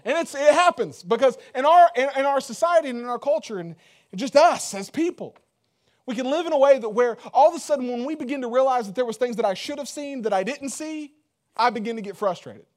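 A man's voice: very high voice, animated, fairly quick. A man preaching a sermon in a loose, conversational way, joking and full of fillers. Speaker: pastor.

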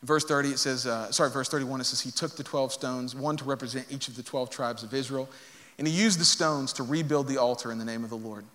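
A man preaching a sermon, reading scripture aloud and joking with animated energy. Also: medium pitch, quick pace. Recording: long hall reverb.

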